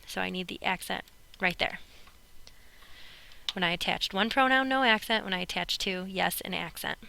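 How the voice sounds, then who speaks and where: Teacher lady going over spanish grammar notes, bright voice with a bit of fry, patient and a little jokey. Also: mid-range voice, moderate pace. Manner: clear, patient explaining with playful asides. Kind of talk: recorded classroom lecture notes.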